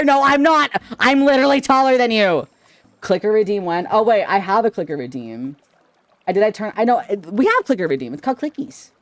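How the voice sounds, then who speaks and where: A man's voice: a little high, no echo. Giggly young man chatting on stream. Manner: giggly, rambling, playful and self-teasing. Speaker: VTuber streamer. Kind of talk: casual livestream chat.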